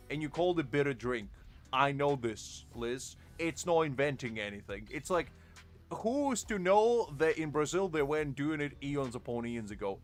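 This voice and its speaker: A man streaming a game, teasing and arguing with chat in playful mock outrage. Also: on the high side. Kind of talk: casual live-stream banter.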